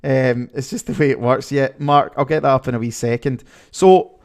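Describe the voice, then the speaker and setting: A man's voice: mid-range voice, fairly even intonation, moderate pace, a little mellow. A man with a Scottish accent hosting a live stream from indoors, seated, chatting casually and answering viewer comments as he goes. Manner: chatty, reads viewer comments aloud, repeats himself.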